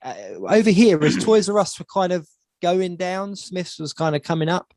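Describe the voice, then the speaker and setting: A man's voice: high voice, moderate pace, a little mellow, dry recording, studio quality. A man co-hosting a casual podcast chat, rambling and repeating words as he thinks. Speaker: podcast co-host.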